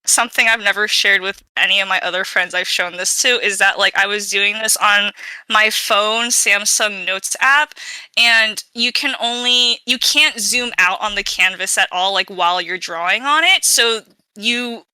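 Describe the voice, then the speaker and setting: A woman's voice: medium pitch, normal speed, sharp tone, smooth, dry recording, poor audio. A woman co-hosting a podcast in casual chat, rambling and outgoing, with lots of fillers and restarts. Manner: outgoing and chatty. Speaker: podcast co-host.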